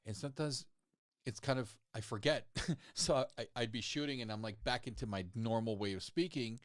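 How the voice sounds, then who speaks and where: A male actor talking as a podcast guest, relaxed and profane, laughing often and restarting his sentences. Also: mid-range voice, a little fast, dry recording. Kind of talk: casual chat. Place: podcast set.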